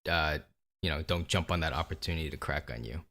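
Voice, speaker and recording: A man with a very low, deep voice talks through a laid-back podcast chat about video games. He teases his co-host and drops casual swears along the way. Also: quick pace. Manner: relaxed, teasing, swears casually.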